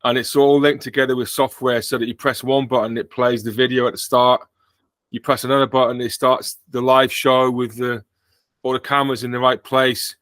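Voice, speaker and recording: A man's voice: mid-range voice, flat delivery, fairly quick, fairly bright tone, no room sound. A British man hosting a podcast in casual chat, joking and rambling with frequent self-corrections. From Britain. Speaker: podcast host.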